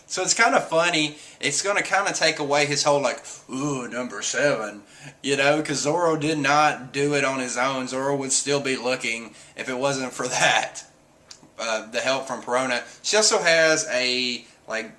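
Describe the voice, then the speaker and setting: A man casually recapping a comic chapter, animated, often laughing and acting out lines in squeaky voices. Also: moderate pace. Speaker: manga chapter reviewer.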